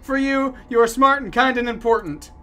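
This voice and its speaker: A man's voice: very high-pitched, moderate pace, bright, forceful tone, voice pushed up. A man voicing a relentlessly cheerful happy buddy with exaggerated sing-song enthusiasm. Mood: gushing.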